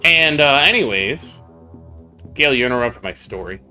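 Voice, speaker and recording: A man's voice: mid-range voice, animated, normal speed, pushed and bright, soft background music. A man telling a rambling story on a casual game stream, breaking off to answer viewers in chat. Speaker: gaming streamer.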